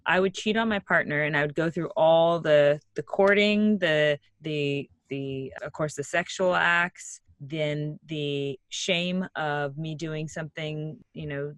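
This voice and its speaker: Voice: mid-range voice, fairly even intonation, slow, hardly any pauses, a bit bright. A podcast host talks in a conversational way, asking thoughtful questions and sharing their own experiences. The voice sits in the middle range and sounds dry, with no room echo. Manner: thoughtful, relates personal experience. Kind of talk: conversational interview.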